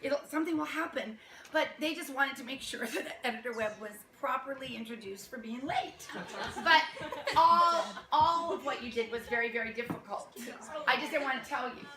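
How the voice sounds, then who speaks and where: A woman's voice: high voice, normal speed, noisy background. A woman directing a youth theater cast, speaking to them with laughter and acting out their lines. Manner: warm, laughing, acts out lines. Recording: echoey room with a crowd. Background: audience murmur and laughter.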